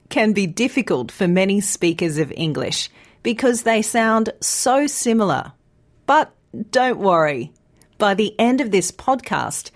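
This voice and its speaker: A woman teaching English pronunciation in a scripted podcast lesson, speaking slowly and enunciating every sound carefully. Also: medium pitch. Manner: slow, clear, carefully enunciated.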